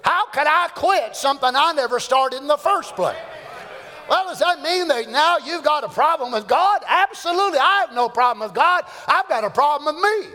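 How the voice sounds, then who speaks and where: A man's voice: very high voice, expressive, normal speed, bright, forceful tone. A man preaching a fervent, folksy sermon in a church. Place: church sanctuary. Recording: echoey church hall.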